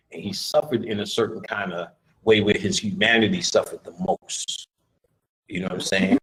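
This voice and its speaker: A man's voice: medium pitch, poor audio. A man giving a live lecture in a loose, rambling, profane way, often laughing.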